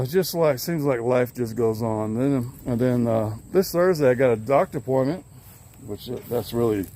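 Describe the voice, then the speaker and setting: An older man chats loosely to his phone while walking around his yard. His voice sits at an ordinary middle pitch, and his talk meanders with easy chuckles. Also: a little mellow. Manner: rambling, easygoing, chuckles often. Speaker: vlogger. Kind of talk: casual chat to camera. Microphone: handheld phone camera.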